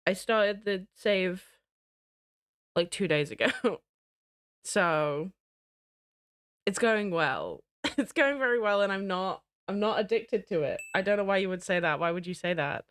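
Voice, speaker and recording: Excitable girl chatting to her stream, giggly, dry close mic. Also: mid-range voice, measured pace, pauses often, no echo. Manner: excitable, giggly, talks to chat. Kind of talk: casual live-stream chat.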